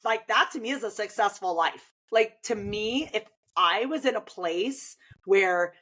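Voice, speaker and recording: A woman's voice: medium pitch, unhurried, rough recording. Chatty woman swim coach in conversation. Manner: chatty, frequent "like" fillers, animated retelling. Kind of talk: casual conversation.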